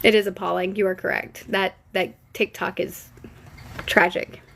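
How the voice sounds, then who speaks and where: A woman's voice: mid-range voice, little pitch movement, moderate pace, vocal fry, fairly bright tone, a little hiss or hum. A young woman hosting a casual live stream, gossiping and speculating in a playful, cheeky way while answering comments from viewers. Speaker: livestream host.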